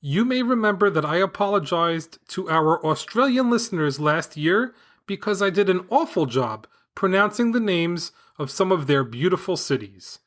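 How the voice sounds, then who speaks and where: A man's voice: high voice, lively intonation, normal speed, few pauses, fairly bright tone. Upbeat man hosting a kids' podcast. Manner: upbeat, enthusiastic, clearly paced reading. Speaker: podcast host and father. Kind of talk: scripted podcast narration for kids.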